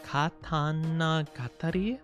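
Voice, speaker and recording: A woman's voice: deep voice, slow, faint music behind. A young woman streamer chatting casually with her viewers, rambling and giggling often.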